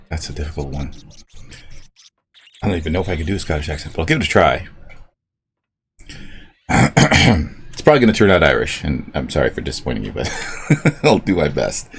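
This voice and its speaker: A man chats casually over his gameplay, joking and reacting to what happens on screen. His voice is low but moves about expressively. Faint music plays underneath. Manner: chatty, joking, reacting to the game. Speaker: game streamer.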